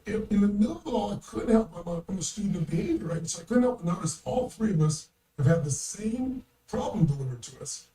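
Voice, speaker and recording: Older male storyteller, high but mellow, blunt and emphatic, roomy and distant pickup. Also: very animated, fast, few pauses, slight background noise. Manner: emphatic, blunt, swears freely. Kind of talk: anecdotal storytelling.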